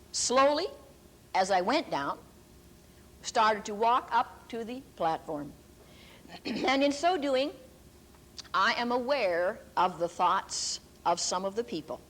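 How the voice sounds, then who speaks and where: An older woman preacher telling a testimony in a sermon, deliberate and emphatic, drawing out key words slowly. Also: mid-range voice, fairly bright tone, slight background noise. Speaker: preacher and Bible teacher.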